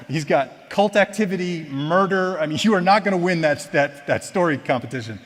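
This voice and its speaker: A man's voice: on the high side, animated, a little fast, long reverb tail. Self-deprecating man telling a church testimony. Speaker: church member giving a personal testimony. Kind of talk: personal testimony told as a story. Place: church auditorium.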